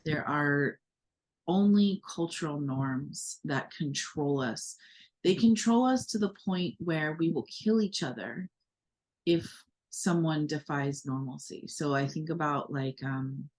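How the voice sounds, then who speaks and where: A woman's voice: low voice, takes it slowly, a little mellow. A woman co-hosting a podcast, talking in a reflective, earnest way with many fillers and restarts. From United States. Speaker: podcast co-host. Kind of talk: casual conversation.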